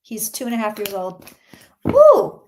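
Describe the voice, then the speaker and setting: A woman's voice: mid-range voice, huge pitch swings, unhurried, background noise. A woman, a psychic reader, chatting through a live-streamed tarot reading and answering questions from the chat.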